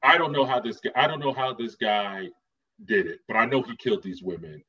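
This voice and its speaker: A man doing a quick impression of a drawling middle-aged Texas lawman in his own husky voice. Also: medium pitch, pushed and bright, distant mic. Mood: gruff. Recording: dull lo-fi audio.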